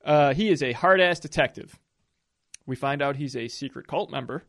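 A man co-hosting a podcast, talking through a film's characters in a relaxed, crude, joking way with many fillers. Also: medium pitch, normal speed. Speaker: podcast co-host. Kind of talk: casual film discussion.

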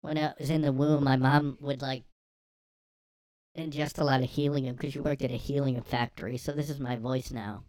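Man doing a squeaky high-voiced guy, whiny. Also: steady tone, normal speed, a little mellow, no room sound, clean studio sound, lightly acted. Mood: indignant whine. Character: man with a silly high voice, indignant.

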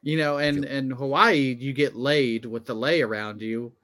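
A man's voice: mid-range voice, fairly even intonation, unhurried, fairly bright tone. A man co-hosting a comedy podcast, asking probing questions and landing crude punchlines in casual banter. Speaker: podcast co-host.

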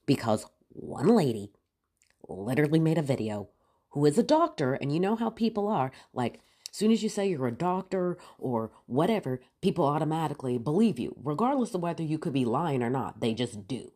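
A woman's voice: sits low, big pitch swings, a little fast, warm tone, slightly rough. A woman hosts a casual rant show, stuffed up from allergies, blunt and sassy with the odd laugh. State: stuffed up from allergies, voice lower than usual. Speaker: podcast host. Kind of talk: casual ranting monologue.

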